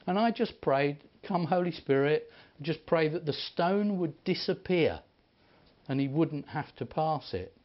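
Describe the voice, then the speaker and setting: A man preaching, telling stories in an animated way and acting out the people he quotes. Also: on the high side, a little slow. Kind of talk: sermon storytelling. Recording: dull lo-fi recording.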